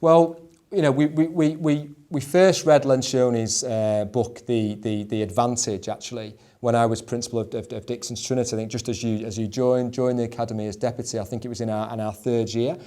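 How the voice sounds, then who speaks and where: Halting, mellow-voiced man explaining leadership. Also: medium pitch, flat delivery. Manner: halting, repeats words and fills with "you know". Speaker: executive director of a schools trust.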